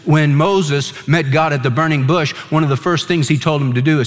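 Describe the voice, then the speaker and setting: A man's voice: on the high side, fairly quick, big-room sound. A man preaching a sermon as pastor, emphatic and repeating words for stress.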